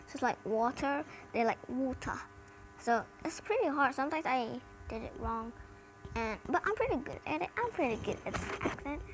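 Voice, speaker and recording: A high-pitched American woman reviews cartoons in a casual, rambling chat, sprinkling in lots of "like." The recording is rough.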